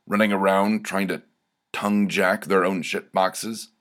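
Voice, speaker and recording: A man's voice: low voice, little pitch movement, a little slow. A man voicing a sneering, misanthropic male mad scientist who plots to wipe out humanity, with a menacing manner.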